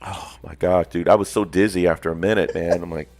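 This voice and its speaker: A man in his fifties chatting casually on a hobby stream, telling stories and acting out the quotes loudly. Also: low-pitched, fast talker, no room sound, faint music behind. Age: 50s. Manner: animated storyteller, acts out quotes loudly. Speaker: stream co-host. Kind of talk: casual chat.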